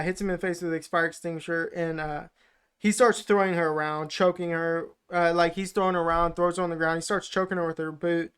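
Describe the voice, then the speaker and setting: This podcast co-host has a fairly high, clear, and resonant voice. He loosely retells a film's plot in a rambling, casual movie recap heavy with fillers.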